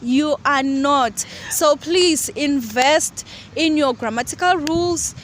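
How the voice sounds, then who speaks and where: High-voiced woman giving earnest advice outdoors. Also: slow pace. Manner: earnest, advice-giving, self-deprecating jokes. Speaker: co-host. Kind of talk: casual outdoor discussion. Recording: outdoor street noise, passing vehicles.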